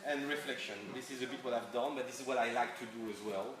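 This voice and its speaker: A man's voice: medium pitch, fast, a crowd in the background. A man with a French accent giving a chatty workshop talk, full of fillers, restarts and laughs. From France. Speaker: guest speaker. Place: event hall with audience. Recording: echoey hall from far off, audience.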